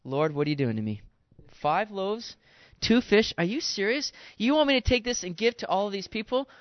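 A man's voice: high-pitched, lively intonation, normal speed, dry recording, dull audio, pitched above the performer's own voice. A man voicing a doubting male disciple who complains incredulously about having too little.

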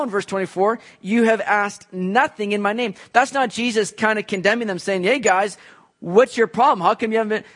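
Man, pastor, sermon, high-pitched, conversational, acts out quotes. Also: a bit bright. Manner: conversational preaching with acted-out quotes.

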